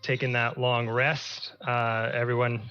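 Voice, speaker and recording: A man's voice: medium pitch, little pitch movement, unhurried, pushed and bright, clear, resonant tone, highs cut off, faint music behind. A man narrating as game master in a casual, descriptive way.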